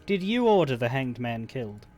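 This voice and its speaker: A male streamer reading video game dialogue aloud, halting and stumbling a little over words. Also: mid-range voice, big pitch swings, a little mellow, faint music behind.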